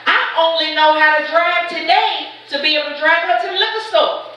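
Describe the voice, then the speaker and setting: A middle-aged woman doing live stand-up comedy. She tells chatty stories and teases the crowd with quick asides. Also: on the high side, pushed and bright, a little hiss or hum. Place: large event shed with a live audience. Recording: echoey hall, voice from far off.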